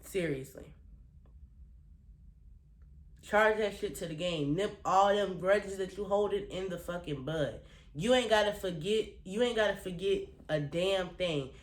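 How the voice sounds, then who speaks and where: In an echoey room, a woman vlogger with a low-leaning voice speaks at normal speed. Her motivational talk to viewers is blunt, profane and heartfelt, with emphatic repeated phrases, and she is emotional and holding back tears.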